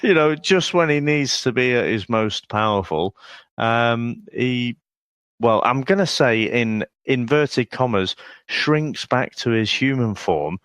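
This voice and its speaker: A man co-hosting a casual film chat, wry and relaxed, often ending remarks with a question. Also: medium pitch, slow, dry recording, clean studio sound. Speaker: podcast co-host.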